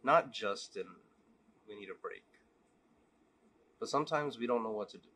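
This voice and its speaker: A man vlogging, telling a long joke and then talking candidly in a relaxed, casual way. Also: lowish voice, moderate pace. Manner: relaxed, candid, repetitive storytelling. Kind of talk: joke storytelling and casual reflection.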